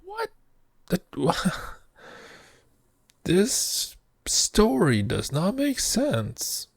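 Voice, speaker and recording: Slow-talking, gravelly reaction host. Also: male voice, sits high, huge pitch swings, faint music behind. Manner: bemused, laughing asides. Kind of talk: casual reaction commentary.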